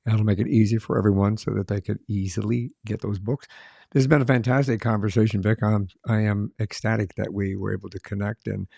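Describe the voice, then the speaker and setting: A man's voice: lowish voice, steady tone, brisk, vocal fry, dark tone, dry recording, clean studio sound. A man hosting a podcast, telling easygoing, rambling anecdotes in conversation. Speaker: podcast host. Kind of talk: conversational interview.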